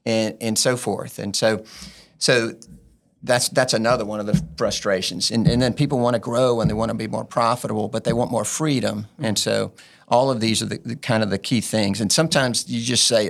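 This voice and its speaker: A man's voice: on the low side, steady tone, moderate pace, vocal fry. A man in a casual interview as a guest business implementer, telling earnest, rambling stories.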